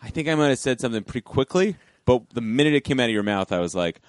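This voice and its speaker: A man co-hosting a comedy podcast with a lively, varied pitch. He laughs often and keeps the banter going with quick yeahs. The sound is dry, with no room echo. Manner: laughs often and gives lots of back-channel yeahs. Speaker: comedian co-host.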